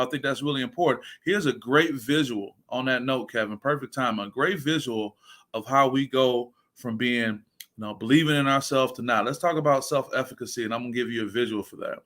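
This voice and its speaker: A man in his forties delivers a motivational talk as a sports coach, with a bright and forceful tone. He speaks in an energetic, preacher-like way and often reads viewer comments aloud. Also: medium pitch. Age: 40s.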